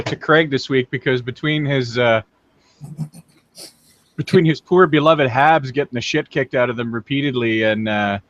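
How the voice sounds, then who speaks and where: A man's voice: a little high, a bit bright, no echo. A man hosting a tabletop game on a video call, chatting casually, joking and teasing, swearing freely. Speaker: game master and host. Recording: dull lo-fi video call audio.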